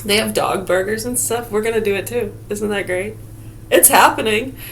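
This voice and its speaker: A woman's voice: medium pitch, fairly even intonation, fairly quick, a little hiss or hum. A middle-aged woman vlogging in a casual, sarcastic rant full of swearing. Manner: profane, sarcastic, heated. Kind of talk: casual ranting monologue.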